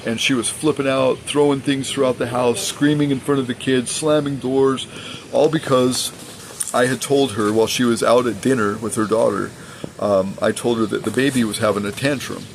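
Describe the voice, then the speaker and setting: A man's voice: mid-range voice, steady tone, moderate pace, vocal fry, a little hiss or hum, low-quality recording. A father speaking in a personal vlog monologue, earnest and aggrieved, insisting on his side of the story.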